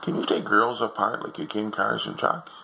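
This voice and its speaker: A man's voice: fairly low pitch, big pitch swings, normal speed, creaky, sharp tone, slight background noise, pitched above the performer's own voice, full character voice, low-quality recording. A man voicing a confused little boy who asks earnest, innocent questions. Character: puzzled little boy at the dinner table.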